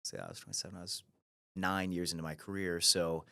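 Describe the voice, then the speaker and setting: A man in his thirties from Ohio speaks as a podcast guest, his voice very low and his delivery quick. He tells his story with animation, jumping into other people's voices and restarting sentences as he goes. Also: creaky. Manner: animated storyteller who acts out quoted voices, with frequent restarts. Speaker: guest, brokerage CEO.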